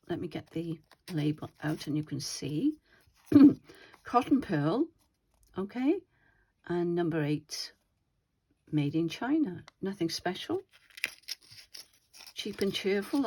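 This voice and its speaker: A woman hosting her own craft channel, chatting casually and thinking aloud as she shows her slow-stitching pages. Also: fairly low pitch, animated, dark tone, husky. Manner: chatty, rambling, thinks aloud while handling materials.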